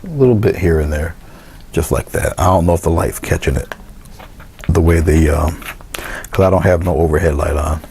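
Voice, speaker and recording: Low gravelly man demonstrating painting. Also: normal speed, long pauses, a little hiss or hum. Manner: relaxed, talks through each step, trails into quiet asides. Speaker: painting instructor. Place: indoor studio.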